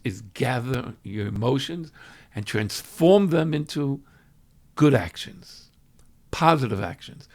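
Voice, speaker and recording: A gravelly-voiced man teaches as a rabbi, and his pitch leaps all over the place. He swings from loud, dramatic bursts to hushed asides. He acts out the people he quotes, and his voice sits a little high for a man. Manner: acts out everyday speakers when quoting them. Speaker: rabbi teaching a weekly class. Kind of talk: animated religious teaching.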